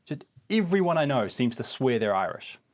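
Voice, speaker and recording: A New Zealand man co-hosting a casual podcast chat, wry and joking. His pitch sits in the middle and moves around a lot. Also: big pitch swings, normal speed. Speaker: podcast co-host.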